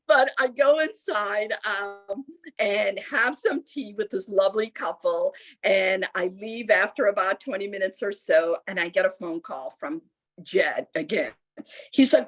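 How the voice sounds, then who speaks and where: A middle-aged woman from the United States, a lieutenant governor speaking as a guest, telling a story with lively acted-out voices. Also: medium pitch, a little slow. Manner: animated storyteller acting out quoted voices. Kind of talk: storytelling answer at a public talk.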